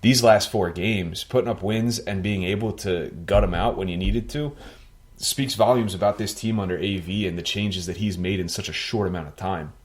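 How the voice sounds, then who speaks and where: Lowish-voiced man talking hockey. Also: normal speed. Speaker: sports podcast co-host. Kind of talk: casual sports chat.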